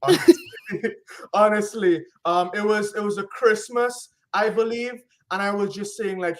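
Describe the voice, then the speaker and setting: A man's voice: high voice, wildly swooping pitch, measured pace. A man as a podcast guest, talking in an upbeat, casual way full of catchphrases and slang. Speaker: guest, business consultant. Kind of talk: casual interview chat.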